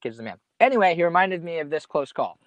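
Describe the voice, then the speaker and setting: A young man spins a casual, rambling story, dropping slang and swear words as he goes. His voice sits a bit on the high side. The sound is dry and close, with no room around it. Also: sing-song, fast, no echo. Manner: profane, rambling, laid-back slang. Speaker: podcast guest storyteller.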